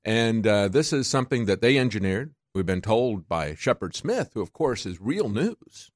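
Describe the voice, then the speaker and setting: A man's voice: on the low side, big pitch swings, moderate pace, dry recording, clean studio sound. A man hosting a talk radio show, delivering a combative, sarcastic monologue that keeps climbing to indignant peaks.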